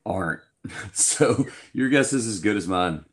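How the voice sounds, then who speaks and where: A young adult man with a light Southern US accent, chatting as a guest in an interview and telling lively stories. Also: fairly low pitch, measured pace. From Georgia, US. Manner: animated storyteller, acts out quoted voices. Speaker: guest musician. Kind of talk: casual interview chat.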